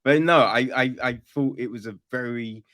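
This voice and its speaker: A man hosting a podcast, talking casually about films in a halting way with many restarts. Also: medium pitch, a bit bright. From Britain. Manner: halting, restarts, laughs easily. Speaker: podcast host.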